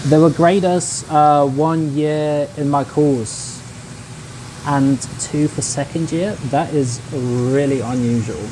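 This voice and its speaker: A man's voice: a little high, fairly even intonation, slow, background noise. A young man casually chatting to his viewers while he cooks on a livestream, in a laid-back, slangy way. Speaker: streamer. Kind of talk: casual cooking livestream chat.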